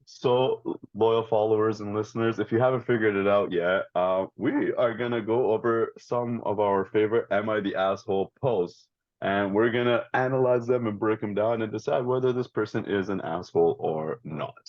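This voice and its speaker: A man's voice: fairly low pitch, normal speed, dry recording, dull audio. A man co-hosting a casual podcast, chatting and reading posts aloud with playful emphasis, laughing often. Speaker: podcast co-host.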